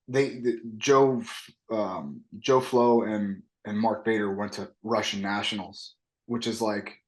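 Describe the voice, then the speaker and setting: Animated storytelling man in an echoey room. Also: on the low side. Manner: animated, acts out quoted voices. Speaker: wrestling coach. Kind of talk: casual interview talk, lively storytelling.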